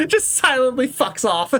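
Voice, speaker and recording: A woman's voice: high-pitched, pushed and bright. A woman doing casual, giggly game commentary, swearing often as she reads the story. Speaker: let's player.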